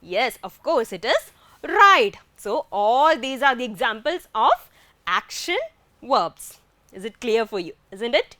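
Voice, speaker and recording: Slow, lively Indian English teacher. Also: female voice, a little high, no room sound. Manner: asks questions and answers them herself. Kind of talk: classroom grammar lesson.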